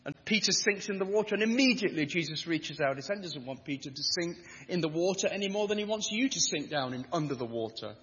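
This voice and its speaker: A man's voice: on the high side, expressive, quick pace, hardly any pauses, a bit bright. A man preaching a sermon with an emphatic, rhythmic delivery that builds on repetition. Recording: dull lo-fi sound with long hall reverb.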